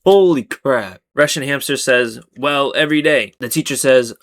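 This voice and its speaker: A man reads Reddit stories aloud in a loose, casual way, with a voice that sits at a middle, ordinary pitch. He keeps cutting in with sarcastic, exasperated remarks about what he reads. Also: moderate pace, a bit bright. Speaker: Reddit story narrator. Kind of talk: reading posts with casual commentary.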